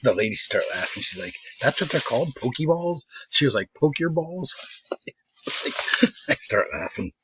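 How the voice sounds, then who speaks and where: Speaking at a moderate pace in a medium, sing-song voice, this collector of trading cards spins a loose, casual story. He laughs a lot and mimics people's words in quotes, captured on slightly dull lo-fi audio with faint noise.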